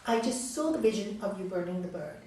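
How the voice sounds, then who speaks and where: Lady doing a calm kind village wife, firm and plain, lots of hall echo. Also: medium pitch, fairly quick, natural voice. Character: kind patient village woman, caring for sick husband. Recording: echoey hall from far off.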